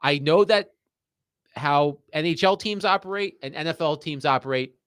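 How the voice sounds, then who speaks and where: A man co-hosting a sports talk show, reading statements aloud and then commenting in a measured way. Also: fairly high pitch, fairly bright tone, clean tone, no echo, clean studio sound.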